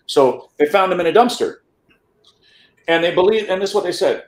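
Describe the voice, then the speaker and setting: A man's voice: on the high side, normal speed, reverberant, poor audio. A man being interviewed, telling a long personal story in a casual way, acting out what people said and restarting phrases now and then. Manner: animated, acts out quotes, some stammered restarts. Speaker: interview guest.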